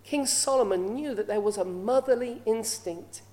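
Woman preaching in a mellow, higher voice. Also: moderate pace. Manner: asks the listeners rhetorical questions. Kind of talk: sermon.

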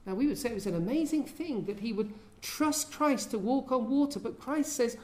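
Woman giving a sermon, fairly high voice but mellow and warm, earnest, asks lots of questions. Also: lively intonation, normal speed. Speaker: preacher.

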